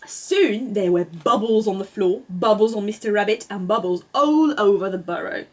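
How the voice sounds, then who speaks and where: A woman reading a children's picture book aloud in an expressive, sing-song way. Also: mid-range voice, moderate pace, few pauses. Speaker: storyteller.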